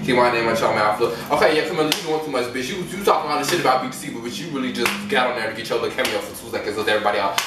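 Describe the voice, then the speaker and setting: A man's voice: mid-range voice, racing, few pauses, recorded from a distance, heavy background noise. A man giving blunt, profane, exasperated reaction commentary in a vlog. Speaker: commentary vlogger. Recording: echoey room, voice off-mic.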